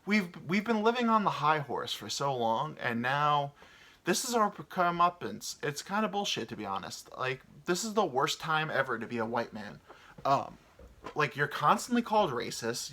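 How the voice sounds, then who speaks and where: Speaking with a sharp tone at medium pitch, this man in his thirties hosts a solo podcast chat that wanders all over. He thinks out loud, swears offhandedly, and sounds worn out from too little sleep.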